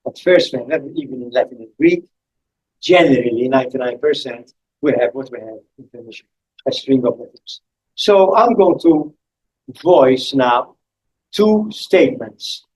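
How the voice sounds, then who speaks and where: Older man, husky lecturing voice. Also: mid-range voice, animated, darkish tone, dull audio. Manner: deliberate, pausing, spells out letters. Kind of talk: public academic lecture. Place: lecture hall.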